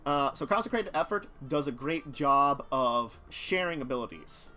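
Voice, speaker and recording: A man's voice: medium pitch, animated, normal speed, pushed and bright, faint music behind. A man casually commenting on a live stream about a card-game deck, rambling and talking to his chat. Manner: rambling, chatty, talks to chat, chuckles.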